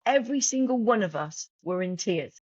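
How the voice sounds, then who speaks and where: A woman who creates journals speaks as a podcast guest in an emotional, casual interview, heartfelt and open, often restarting and repeating herself. Her medium-pitched voice is expressive, with a moderate pace and a darkish tone. The lo-fi recording has no room sound.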